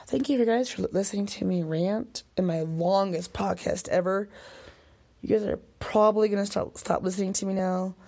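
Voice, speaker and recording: A woman's voice: medium pitch, normal speed, warm tone. A woman hosting her own podcast, venting emotionally in a rambling rant, swearing and dropping into whispered asides, a little tipsy and emotional. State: emotional, tipsy after sake. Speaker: podcast host.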